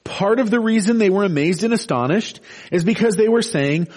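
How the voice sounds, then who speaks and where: A man's voice: sits high, animated, moderate pace, darkish tone. Earnest man preaching verse by verse. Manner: earnest, explanatory, with frequent restarts and rising emphasis. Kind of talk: expository sermon.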